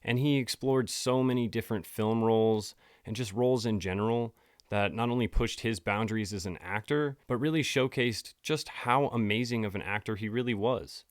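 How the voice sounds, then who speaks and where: A man's voice: fairly low pitch, moderate pace, no room sound, clean studio sound. A man hosting a podcast, narrating in a casual storytelling tone. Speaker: podcast host.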